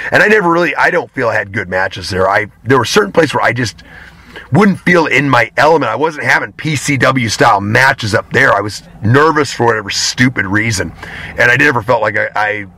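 A man speaking as an interview guest, candid and loose, drifting from point to point and swearing in passing. His voice is bright and forceful. The sound is dry, with no room around it. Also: medium pitch, no echo. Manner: candid, rambling, swears casually. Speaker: guest, pro wrestler. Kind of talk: casual interview talk.

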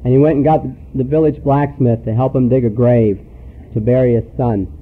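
A man's voice: medium pitch, steady tone, fairly quick. Earnest man telling a story, tinny recording. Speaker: speaker at a recovery meeting. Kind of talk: personal recovery talk.

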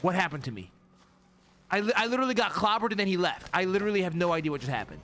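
A young man streaming a horror game, swearing, talking to his chat as "gang" and dropping to a hushed whisper when scared. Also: sits high, sing-song, rapid-fire. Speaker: gaming streamer. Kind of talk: live horror game commentary. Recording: game music audible behind.

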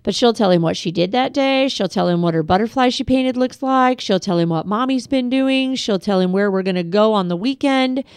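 A middle-aged woman giving a parenting class over a webcast, calm and practical, speaking straight to parents with advice. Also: fairly high pitch, fairly quick, hardly any pauses, smooth, no room sound. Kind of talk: instructional webcast talk.

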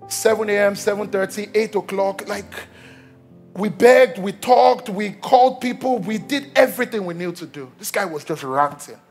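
With a voice that sits high and a moderate pace, a young pastor from Nigeria delivers an animated sermon story, trading jokes with his congregation. Faint music plays behind him.

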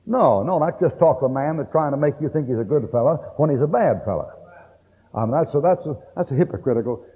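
A man's voice: a little high, expressive, fast, husky. A middle-aged man preaching a sermon in a blunt, folksy way, cracking jokes as he goes. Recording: old tape, tinny and echoey hall.

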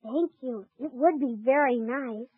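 A woman's voice: sits high, a little slow, slightly rough, no room sound. A woman playing a polite, earnest young orphan boy who narrates in 1940s radio acting, sometimes hesitant. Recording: tinny, dry 1940s radio transcription.

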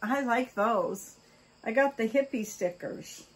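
A woman's voice: on the high side, slow, a little hiss or hum. An older woman chatting casually while she opens fan mail, gushing with oohs, gasps and exclamations of delight. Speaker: vlogger opening fan mail. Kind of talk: casual mail-opening chat.

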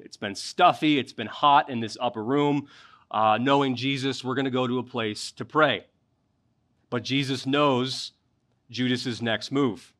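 A man preaches from the pulpit, reading scripture and then explaining it in a conversational way. His voice sits at an ordinary pitch and swells with fervor when he drives a point home. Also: fairly bright tone. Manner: expository preaching, rising in intensity at key points. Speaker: pastor. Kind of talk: sermon.

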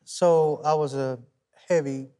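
A young man with an East Tennessee accent, a musician guest on a talk show, telling his story softly with many pauses and ums. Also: a little high, steady tone, clean tone. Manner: soft-spoken and halting, many ums.

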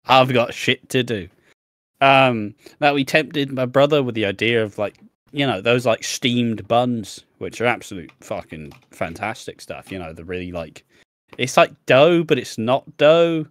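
A man's voice: mid-range voice, unhurried, a bit bright, no echo. A young man chats casually as a podcast co-host, telling rambling stories full of profanity and laughing at himself. His voice sits in a middling register. The sound is dry and close, with no room behind it. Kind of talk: casual chat.

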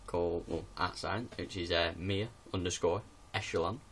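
A man's voice: low voice, fairly even intonation, normal speed, a bit bright, slight background noise. A man vlogging in his bedroom in casual, rambling chat to camera, giggling often. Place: bedroom with music posters on the wall.

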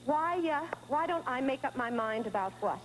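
A woman's voice: sits high, lively intonation, normal speed, slight background noise, poor audio. A woman playing a frazzled middle-aged mother of a teenage daughter in a stage monologue, talking in frantic, stammering bursts to an unseen child. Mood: exasperated. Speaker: stage actress in a one-woman show. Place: theater stage.

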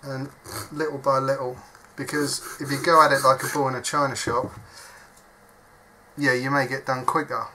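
At an indoor workbench, an electronics hobbyist casually works through a soldering job, self-deprecating and chatty as he reasons aloud. He speaks at a normal speed in a bright, forceful mid-range voice with little pitch movement, over slight background noise.

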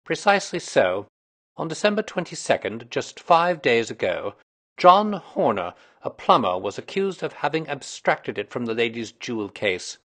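Male reader doing a sharp-minded Victorian sleuth, emphatic and lively. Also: medium pitch, normal speed. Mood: assured. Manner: precise, lecturing, emphatic. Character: brilliant, self-assured Victorian male detective.

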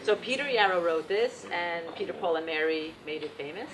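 A woman leading a Yiddish singing workshop, explaining patiently and gently, with occasional fillers. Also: lowish voice, animated, moderate pace, crowd noise, low-quality recording. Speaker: Yiddish song leader.

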